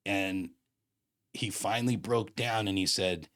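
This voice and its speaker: Guest spot, low-voiced man in his 50s, slangy and emphatic storyteller. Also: steady tone, unhurried, a bit bright. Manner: slangy and emphatic, acts out quoted dialogue. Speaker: guest telling a personal story. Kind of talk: casual storytelling conversation.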